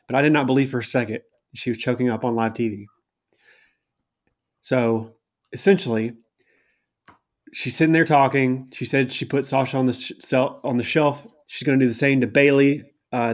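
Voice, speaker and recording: A man co-hosting a podcast, recapping in a casual, rambling and exasperated way with many fillers and mocking asides. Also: medium pitch. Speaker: podcast co-host. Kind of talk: casual chat recapping a wrestling show.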